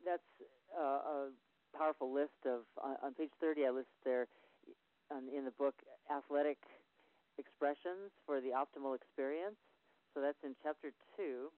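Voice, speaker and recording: A man's voice: medium pitch, normal speed, dry recording. A man who works as a sport psychology consultant, explaining visualization technique in loose, unscripted instructional talk with frequent fillers. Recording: tinny phone-like audio.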